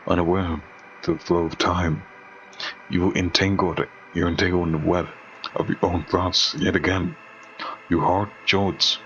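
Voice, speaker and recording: A man narrating a second-person horror story in a slow, deliberate, ominous way. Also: low voice, pushed and bright, highs cut off.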